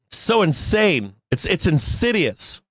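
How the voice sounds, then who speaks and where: A man's voice: sits high, big pitch swings, measured pace, a bit bright, no room sound. A man hosting a live stock market show, ranting bluntly with swearing, laughs and restarts. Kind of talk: casual live-stream rant.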